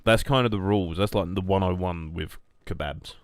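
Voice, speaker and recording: A young man streaming a game, rambling and joking casually while answering chat in a flat, monotone way. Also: moderate pace, no room sound, studio quality. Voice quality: low monotone voice. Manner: rambling, jokey, reacting to chat.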